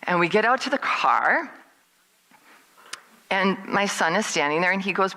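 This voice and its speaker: A middle-aged woman with a bright, clear voice tells a personal story at a service. She keeps it lively and acts out what everyone said, jumping up high in pitch for their lines. Her voice sits at an ordinary middle pitch. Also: moderate pace, pauses often, rough recording. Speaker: guest speaker at a service.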